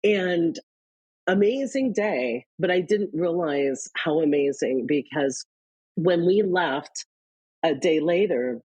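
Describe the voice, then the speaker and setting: A woman from Iowa, a guest, telling personal stories candidly in an interview, quick bursts between slower pauses. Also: fairly low pitch, animated, warm tone, breathy edge, dry recording, poor audio. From Iowa, US Midwest. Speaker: guest, leadership author.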